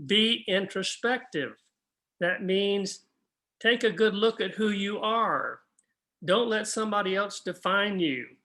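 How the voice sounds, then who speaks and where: A man's voice: sits high, pushed and bright. An older man teaching a Bible class in an earnest, practical way, often asking his listeners questions.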